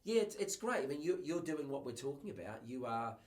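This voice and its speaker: A man in his fifties with a New Zealand accent, a guest on a podcast, telling lively stories and acting out the voices of people he quotes. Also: fairly high pitch, fairly quick, echoey room. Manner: lively storyteller who acts out quotes in voices. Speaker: guest, TV presenter and communication coach. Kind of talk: casual podcast conversation.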